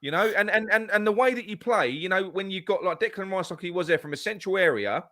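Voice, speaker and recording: A man's voice: high-pitched, lively intonation, fast talker, a bit bright, no room sound, clean studio sound. A man talking football on a podcast, swearing often and restarting his sentences. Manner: swears a lot, stumbles and restarts, heated. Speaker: podcast co-host. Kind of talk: casual football chat.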